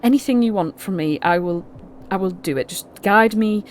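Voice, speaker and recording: A woman's voice: medium pitch, a little hiss or hum, lightly acted. A woman voicing a remorseful young woman who stammers through earnest apologies. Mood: pleading. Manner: stammering, halting.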